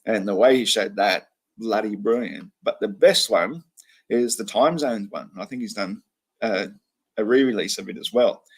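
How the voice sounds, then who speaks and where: A low-voiced man with a husky edge talks casually on his own livestream. He rambles from point to point, often pausing with an um or starting a sentence over. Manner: rambling, with frequent ums and restarts. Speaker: livestream host.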